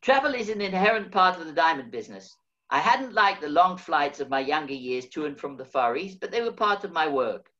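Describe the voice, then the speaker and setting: An older man reading his own memoir aloud in a measured, wry storytelling manner. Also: on the high side, animated, pushed and bright. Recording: dull lo-fi recording.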